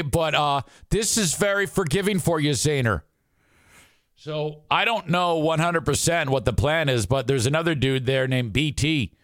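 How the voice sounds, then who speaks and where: A man's voice: a little high, no echo, clean studio sound. A man hosting a radio show, telling a casual story and acting out the people he quotes, with some swearing. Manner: animated, acts out quoted people with shifting voices.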